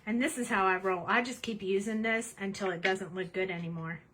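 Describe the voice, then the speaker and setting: A woman's voice: medium pitch, fairly quick, fairly bright tone, poor audio. A woman hosting a casual craft demonstration at her home desk, chatty and cheerful as she narrates each step. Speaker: craft tutorial host.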